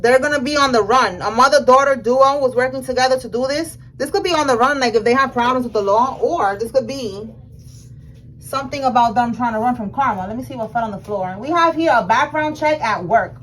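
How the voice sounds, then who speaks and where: A fairly high-voiced woman reads tarot cards for her viewers, emphatic and excited as she talks straight to them. Her speech is casual and slangy. A faint hiss of noise sits behind her voice. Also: fairly quick, poor audio. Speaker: tarot reader. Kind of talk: general tarot reading.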